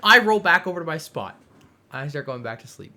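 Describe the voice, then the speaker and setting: A young man on a casual podcast, telling a story with lots of laughs and acted-out quotes. His voice is bright and forceful and sits a bit high for a man. He keeps the chat animated. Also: a little fast. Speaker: podcast co-host.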